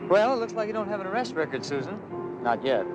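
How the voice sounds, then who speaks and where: A man's voice: high-pitched, big pitch swings, quick pace, music in the background, rough recording. An actor playing a stern male police detective who warns a young woman in an old TV crime drama. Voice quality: firm, warning. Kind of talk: 1970s TV crime drama acting.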